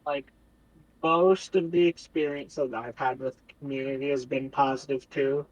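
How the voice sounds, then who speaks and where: A man chatting casually as a streaming guest, relaxed and easygoing. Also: mid-range voice, normal speed, no room sound, highs cut off. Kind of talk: casual chat.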